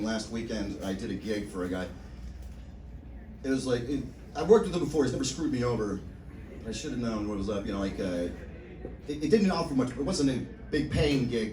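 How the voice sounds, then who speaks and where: A man's voice: mid-range voice, darkish tone, recorded from a distance, slight background noise. A man doing a stand-up set on a comedy club stage, wry and self-mocking. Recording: roomy club sound from afar. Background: audience laughter.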